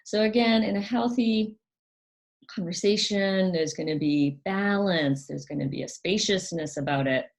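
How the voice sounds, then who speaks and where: A woman with a medium-pitched voice hosts her own channel, gently explaining things in a casual monologue at a moderate pace. She hesitates often with "um" and restarts her sentences.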